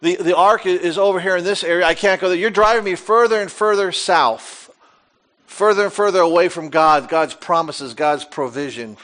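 A male pastor preaching a folksy sermon, reading Bible verses and acting out the characters' lines with lively asides to the congregation. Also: sits high, normal speed.

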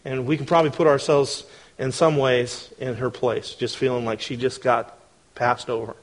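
A man preaching a sermon in a conversational, animated way, often asking the congregation questions. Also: mid-range voice, moderate pace. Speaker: pastor.

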